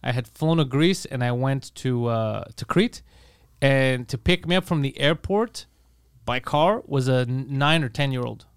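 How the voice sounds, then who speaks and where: A man telling swearing, animated stories in a casual chat. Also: medium pitch, clean tone, dry recording, clean studio sound. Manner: fast, swearing, animated storyteller.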